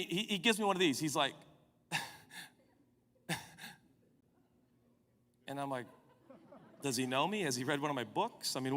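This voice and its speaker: Animated preacher man in a reverberant hall. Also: a little high. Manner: animated, comic, self-mocking storytelling. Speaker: pastor. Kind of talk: storytelling sermon.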